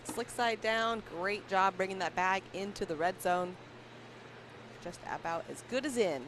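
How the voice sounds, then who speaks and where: A woman's voice: medium pitch, unhurried, a bit bright, slight background noise. A woman co-commentating a live match in a chatty, giggly manner.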